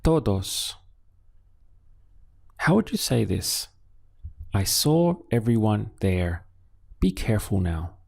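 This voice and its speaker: A man teaching a Spanish lesson, patiently asking questions and pausing so learners can answer. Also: on the low side, very animated, creaky, darkish tone, breathy edge. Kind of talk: scripted language lesson.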